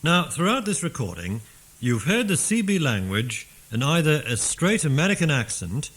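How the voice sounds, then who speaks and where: A man with an English accent giving slow, deliberate, scripted instructional narration. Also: a little high, big pitch swings, fairly bright tone.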